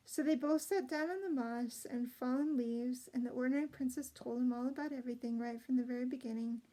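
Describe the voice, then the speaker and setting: High mellow woman reading a storybook. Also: fairly quick, few pauses, rough recording. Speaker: storybook reader. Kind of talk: reading a children's book aloud.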